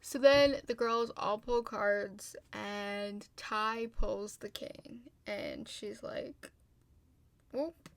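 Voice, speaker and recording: A young woman casually recapping a TV episode, talking fast with lots of fillers, a little tired but getting heated in her asides. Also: mid-range voice, creaky, no room sound. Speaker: video host.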